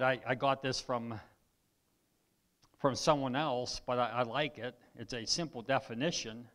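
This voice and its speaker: A man preaching a sermon as pastor, his voice tired and weakening, who clears his throat, reads scripture aloud and repeats lines for emphasis. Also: medium pitch. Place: church.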